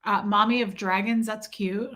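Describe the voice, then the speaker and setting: Hosting a relaxed livestream, this mother speaks at a moderate pace in a medium-pitched, pushed, bright voice with fairly even intonation. She greets viewers one by one in a chatty roll call and mentions her son and her life in Michigan.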